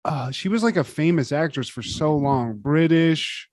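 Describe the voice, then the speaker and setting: A man co-hosting a podcast in casual chat. He jokes, swears and ribs his co-host. His voice sits slightly high, and the sound is dry and close. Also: expressive, unhurried, a little mellow, dry recording. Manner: joking and profane, laughs often.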